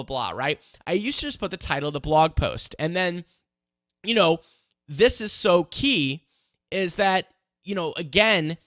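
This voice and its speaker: An upbeat man in his thirties talks through a relaxed mini lesson, peppering it with "right?" and "you know". His voice sits a bit high and comes across bright and forceful. The recording is dry, with no room sound. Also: no room sound. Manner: energetic, conversational, many fillers and rhetorical questions. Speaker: host teaching online marketing. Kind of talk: casual mini lesson to an audience.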